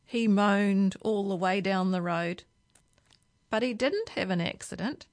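A woman reading a children's story aloud for a library, with slow, expressive storytelling. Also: mid-range voice. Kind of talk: reading a picture book aloud.

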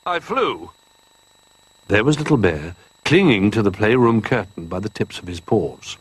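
A man reading a children's picture-book story aloud in an expressive, animated way. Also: fairly low pitch, moderate pace, breathy edge, dry recording.

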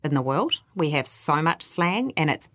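Low-voiced New Zealand woman explaining. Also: sing-song, normal speed, a bit bright, no echo, clean studio sound. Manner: explanatory, quotes others in livelier voices. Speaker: workplace culture adviser. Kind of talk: interview answers.

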